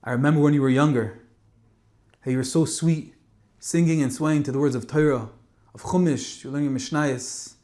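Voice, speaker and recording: A man voicing an elderly, grieving rebbe who speaks softly and from the heart, choked with emotion. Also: fairly high pitch, steady tone, normal speed, lightly acted. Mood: fond. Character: elderly grieving male rebbe, gentle and tender.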